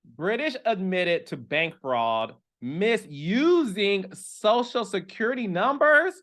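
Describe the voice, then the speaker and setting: A man's voice: big pitch swings, slow, fairly bright tone. A man hosting a reality TV gossip commentary, dramatic and sassy, talking straight to his viewers. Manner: dramatic, sassy, addresses viewers directly, leaps to high exclamations. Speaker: host of a reality TV gossip show. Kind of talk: animated casual commentary.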